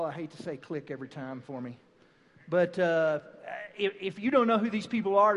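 A middle-aged man leads a folksy church family class, chatty and full of restarts. His voice sits high. It rings through a big hall with long reverb. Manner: chatty, rambling with many fillers and restarts. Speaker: family seminar speaker. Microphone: handheld or stand microphone.

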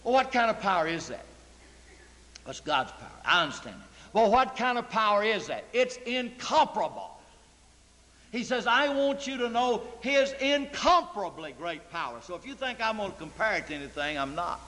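A man preaches a sermon in a church sanctuary, his high-pitched voice bright, forceful, and expressive at a moderate pace. He delivers it emphatically, posing rhetorical questions to the congregation amid long church reverb.

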